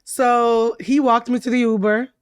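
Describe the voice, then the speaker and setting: A woman hosting a podcast, telling a dating story in casual chat, her voice hoarse from laryngitis. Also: a little high, a little slow, no echo, studio quality. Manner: chatty and expressive, storytelling. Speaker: podcast host. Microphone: studio mic.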